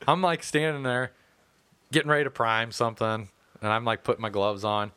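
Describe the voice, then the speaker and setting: A man recounts a workplace blow-up in casual, profane chat. His voice sits at a middle pitch, and his telling is lively and often breaks into laughter. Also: brisk, clear, resonant tone. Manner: profane, animated, laughing anecdotes. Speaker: co-worker telling story.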